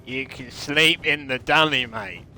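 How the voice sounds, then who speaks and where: A man putting on a brash, matey Australian bloke with a put-on Australian accent, loud and slangy and calling everyone mate. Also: mid-range voice, unhurried, slight background noise.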